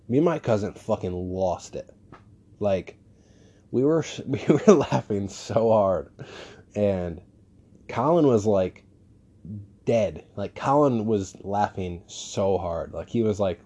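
A man's voice: fairly low pitch, measured pace, creaky, dark tone, highs cut off. A young man hosting a podcast, telling a story in a rambling, casual way with lots of fillers and swearing. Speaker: podcast host. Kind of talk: casual solo podcast monologue.

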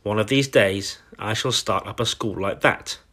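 A man's voice: fairly low pitch, moderate pace, sharp tone. A man reading a storybook, voicing a huge, furious woman headmistress who barks and rants at a child. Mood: mocking. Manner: barking, ranting, menacing.

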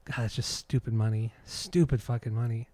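Joking man, mellow dry voice. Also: mid-range voice, a little fast, no room sound. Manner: teasing, joking banter. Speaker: podcast co-host. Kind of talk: casual chat.

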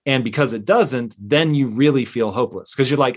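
A man's voice: medium pitch, brisk, hardly any pauses. Middle-aged male podcast guest, mid-range voice, emphatic storyteller who swears casually. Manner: emphatic, animated, acts out quotes with swearing. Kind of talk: personal storytelling in conversation.

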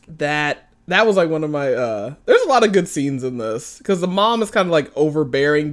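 A young woman co-hosting a casual movie review chat, giggling often and acting out quotes in high voices. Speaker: co-host.

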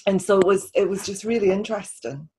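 A woman in a relaxed conversation, leading the talk as host. Her sentences start, stall and restart, with stammered repeats as she chases a thought. Her pitch sits in an ordinary middle range. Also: fast, slightly rough, low-quality recording. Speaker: podcast host and writer. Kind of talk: casual conversational interview.

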